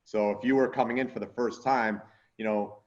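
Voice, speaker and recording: A man's voice: fairly low pitch, fairly even intonation, moderate pace. A man hosting a podcast in casual chat, rambling with lots of fillers and swearing freely. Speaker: podcast host and strongman coach. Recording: dull lo-fi sound.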